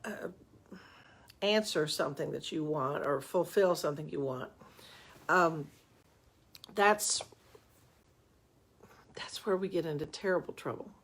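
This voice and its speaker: A woman's voice: low-pitched, a little slow, pauses often. An older woman, a relationship coach, giving chatty, folksy advice on a live stream with self-mocking asides, into a webcam.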